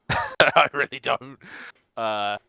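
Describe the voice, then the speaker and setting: A man's voice: mid-range voice, drawn-out words, vocal fry, sharp tone, smooth, dry recording. A man co-hosting a casual podcast chat who speaks hesitantly, with many ums. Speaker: podcast co-host.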